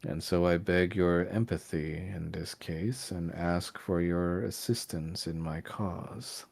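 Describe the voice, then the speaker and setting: A man voicing an ancient male vampire lord, speaking slowly in grave, formal sentences. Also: deep voice, fairly even intonation, gravelly, darkish tone, full character voice. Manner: slow, grave, formal speech.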